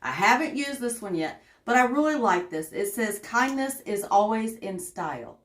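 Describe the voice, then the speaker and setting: A woman's voice: a little high, animated, normal speed, fairly bright tone, a little hiss or hum. A woman with a Southern accent chatting casually on a craft livestream, greeting viewers by name as she works. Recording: echoey room.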